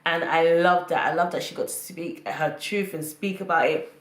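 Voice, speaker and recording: A woman's voice: low-pitched, normal speed, echoey room. A woman giving casual, opinionated commentary on a reality show, often repeating phrases for emphasis. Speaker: reality TV reviewer.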